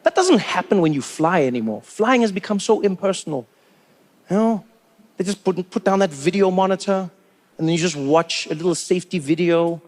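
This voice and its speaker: A man doing stand-up comedy, telling stories in an animated, incredulous way. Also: high voice, fairly quick.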